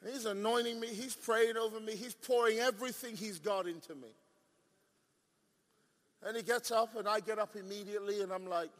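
A man preaching a sermon, telling stories fervently and rising to shouts, in a large church hall. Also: high voice, fairly even intonation, normal speed. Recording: long hall reverb.

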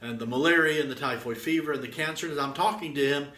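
A man's voice: a little high, fast, bright, forceful tone, echoey room. A middle-aged man preaching and telling a testimony in a fervent, exhorting way, often stringing words together with repeated "and"s. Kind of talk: sermon storytelling.

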